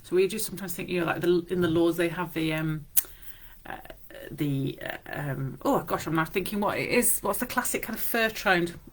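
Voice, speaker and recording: A woman, a librarian, chatting casually with frequent fillers in a library and reading poems aloud slowly and deliberately. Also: lowish voice. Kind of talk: casual chat and poetry reading.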